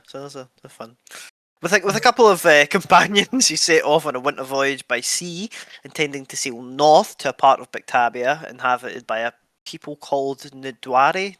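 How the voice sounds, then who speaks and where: A man's voice: mid-range voice, fairly bright tone, no echo. A man co-hosting a history podcast, reading passages aloud and adding dry jokes. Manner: reads passages then jokes dryly. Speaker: podcast co-host.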